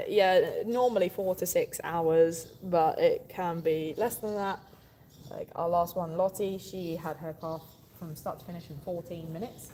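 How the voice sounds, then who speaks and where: A woman's voice: fairly low pitch, mellow, a little hiss or hum. A young woman farmer chatting casually on a livestream, affectionate and apologetic toward viewers, recorded on a phone camera in a barn. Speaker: farmer livestreaming a calving watch. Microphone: phone camera on a tripod. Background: birds and animal sounds.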